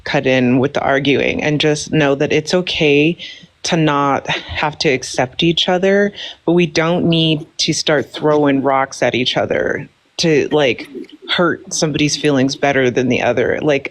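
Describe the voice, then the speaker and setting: Soft-spoken hesitant man on a live stream. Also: on the high side, unhurried, poor audio. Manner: hesitant, conciliatory, many fillers. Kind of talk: casual live stream chat.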